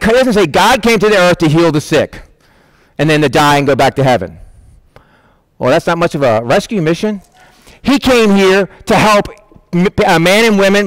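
Animated high-voiced male preacher. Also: brisk, dry recording, rough recording. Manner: animated, acts out voices of people in the story. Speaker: pastor. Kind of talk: conversational sermon.

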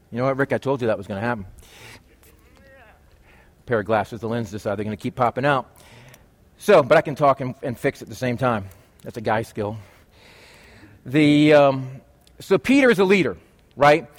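A man's voice: medium pitch, expressive, moderate pace, long pauses. A man preaching a conversational sermon as a pastor, with chatty, joking asides to the congregation.

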